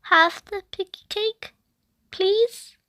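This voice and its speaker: A woman's voice: very high voice, steady tone, very slow, sharp tone, dry recording, clean studio sound, voice pushed up, full character voice. A woman voicing a small girl rabbit who demands cake with shrieks and pleads in a tiny voice. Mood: small sorry.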